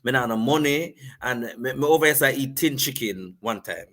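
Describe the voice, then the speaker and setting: A man with a Jamaican accent hosting a discussion panel, telling a story slowly and deliberately with patois. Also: medium pitch, animated, fairly bright tone. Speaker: host.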